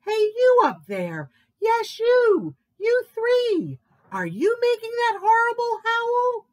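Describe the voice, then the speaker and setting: A woman plays a bossy storybook moose that bellows and shouts up at the others, pitched very high and loud. Her voice swings wildly. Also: sing-song, takes it slowly, full character voice. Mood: bellowing.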